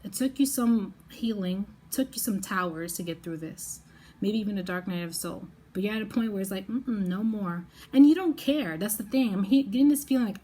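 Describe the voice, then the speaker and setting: A woman giving a pick-a-card tarot reading to the viewer in an effusive, excitable way. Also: mid-range voice, brisk, breathy edge. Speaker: tarot reader.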